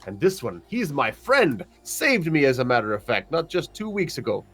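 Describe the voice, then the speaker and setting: A man's voice: a little high, huge pitch swings, normal speed, fairly bright tone, faint music behind, heavily acted. A man doing a cheeky little halfling lad. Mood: insistent.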